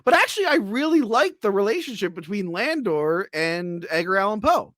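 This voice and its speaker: A man's voice: high voice, big pitch swings, normal speed, fairly bright tone, dry recording, studio quality. A man hosting a casual movie review podcast. He rambles, with many fillers and restarts. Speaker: podcast host.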